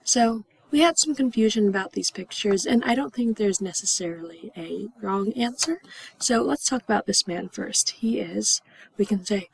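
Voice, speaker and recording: A young woman teaching English to adult learners, speaking slowly and clearly and acting out example phrases with gasps and whispers. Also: mid-range voice, no room sound, rough recording. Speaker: ESL teacher. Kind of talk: slow, clearly enunciated classroom instruction.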